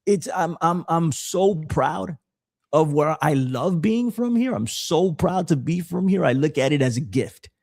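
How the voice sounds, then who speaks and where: A man with a New York accent talks in a loose, excitable podcast chat. His voice sits a little higher than most men's, and he tumbles over repeated words and drops casual curses as he goes. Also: unhurried, creaky, no echo, clean studio sound. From New York, the Bronx. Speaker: podcast guest.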